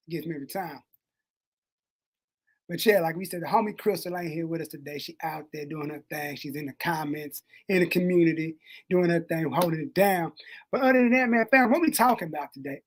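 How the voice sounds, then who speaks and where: A man co-hosting a podcast in casual chat, animated and slangy, swinging between loud and soft. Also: on the high side, moderate pace. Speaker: podcast co-host. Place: Texas.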